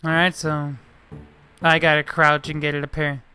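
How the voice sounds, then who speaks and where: A man's voice: a little high, completely flat delivery, moderate pace, music in the background. A man giving casual let's-play commentary, chatting away, scolding the game characters and swearing mildly. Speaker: gameplay commentator.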